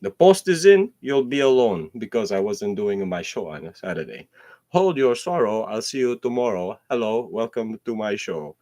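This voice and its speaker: A man hosting his own solo show, rambling in a profane stream-of-consciousness monologue that slips into half-rapped verses and swings between loud outbursts and low mutters. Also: lively intonation, moderate pace.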